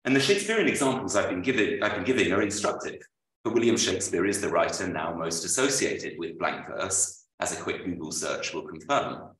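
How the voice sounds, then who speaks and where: A man, an author, reading a prepared lecture aloud at a book launch, with measured, dryly witty delivery. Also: sits low, fairly bright tone. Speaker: author presenting his book. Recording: roomy, voice from far off.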